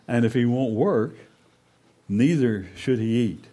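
A man's voice: medium pitch, animated, slow pace, warm tone. A man preaching a sermon, telling a fable in a folksy, emphatic way before making his points.

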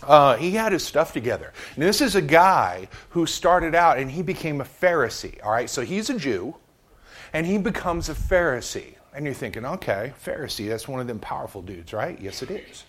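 A man's voice: a little high, very animated, normal speed, fairly bright tone. A man preaching a casual Bible lesson, reading verses and adding humorous, conversational asides. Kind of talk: joking Bible teaching.

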